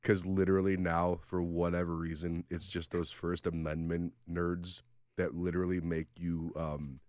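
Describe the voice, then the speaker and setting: A man's voice: low voice, little pitch movement, moderate pace, darkish tone, clean tone, no echo, clean studio sound. A man co-hosting a casual comedy podcast, laid-back and profane, acting out little scenes as he tells them. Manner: laid-back, swears freely, acts out exchanges. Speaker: podcast co-host.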